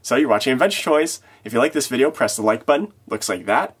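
A man's voice: medium pitch, animated, fast, slightly rough. A man hosting a casual toy showcase vlog, easygoing and chuckling between remarks. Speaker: toy channel host.

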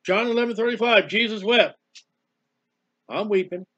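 A man giving a personal devotional talk as a preacher, emotional and halting, sometimes crying out in prayer. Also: high voice, a bit bright, no echo, highs cut off.

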